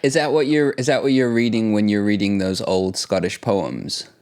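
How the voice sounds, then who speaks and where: A man's voice: fairly low pitch, moderate pace, darkish tone, smooth, no echo, studio quality. A man co-hosting a podcast, enthusiastic and self-mocking with frequent laughs. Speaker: podcast co-host. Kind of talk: casual chat.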